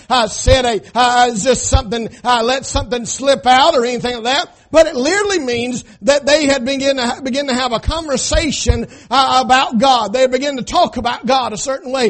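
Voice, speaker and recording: A man preaching a sermon as pastor, with a preacher's cadence and frequent "amen?" call-outs, rising to shouts at climaxes. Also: very high-pitched.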